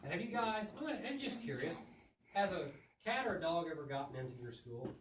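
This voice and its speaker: A man, a visiting children's author, tells a story and asks schoolchildren lively questions. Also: fairly high pitch, brisk, far from the mic, a little hiss or hum. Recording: echoey room, mic from afar.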